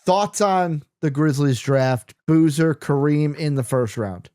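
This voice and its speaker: A man's voice: on the high side, slow, mellow. A man hosting a casual sports chat, loose and joking, who drops the odd swear. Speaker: host.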